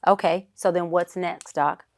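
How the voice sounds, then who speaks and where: A woman's voice: fairly low pitch, fairly even intonation, a little slow. A woman in her thirties, a psychologist guest, explaining in an assertive, casual way and acting out example conversations. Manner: assertive, acts out example dialogue.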